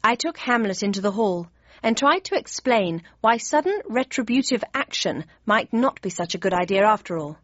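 A woman narrating an audiobook in the first person with crisp, even storytelling. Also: mid-range voice, normal speed, no echo. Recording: dry, slightly dull studio read.

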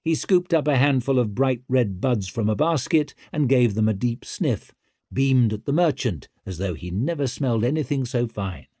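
A man reading a fantasy novel aloud in a vivid, expressive storytelling manner. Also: medium pitch, moderate pace, no room sound, clean studio sound. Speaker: audiobook narrator. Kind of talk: scripted fantasy narration.

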